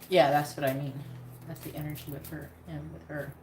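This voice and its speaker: A woman's voice: sits low, level tone, a little fast, a little mellow. A woman giving a live tarot reading in a casual, blunt way, swearing freely. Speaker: tarot reader. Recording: echoey room with noise.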